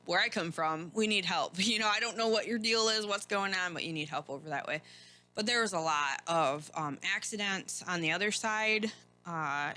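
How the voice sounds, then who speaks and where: A woman's voice: lowish voice, pushed and bright. Candid woman host telling a story. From Michigan. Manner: candid, rambling, laughs often, many restarts. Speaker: podcast host. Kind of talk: casual personal storytelling.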